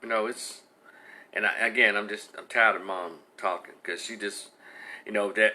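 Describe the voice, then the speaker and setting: Brief: exasperated male commentator, blunt and profane, sharp and bright sound. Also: on the low side, fairly even intonation, normal speed. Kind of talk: heated opinion rant.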